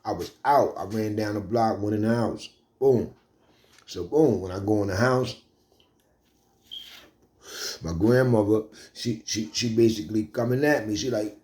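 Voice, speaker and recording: A young man from the Bronx telling a prison war story in animated street slang. His voice sits low and warm, and he keeps pulling the listener in with quick check-ins. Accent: New York, Bronx. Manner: animated, slangy, fillers like "you heard?".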